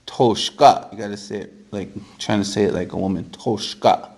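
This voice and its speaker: A man teaching a casual vocabulary lesson to a camera, repeating each word several times for practice and making relaxed, joking asides. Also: fairly low pitch, moderate pace. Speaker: language teacher.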